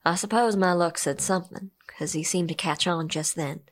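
A woman's voice: lowish voice, normal speed. A young woman telling her own story as first-person narrator in an audio drama, earnest and emotional. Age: young adult. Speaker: narrator and protagonist.

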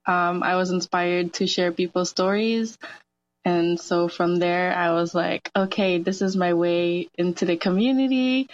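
A woman's voice: medium pitch, dry recording, highs cut off. A woman guest on a community radio show, a massage therapist speaking earnestly and sometimes searching for words. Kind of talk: radio interview. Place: radio studio.

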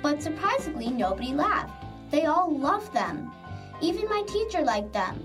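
A woman reading a simple personal story aloud in a lively way, like a school essay. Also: high-pitched, moderate pace. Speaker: narrator. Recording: distant mic under loud music.

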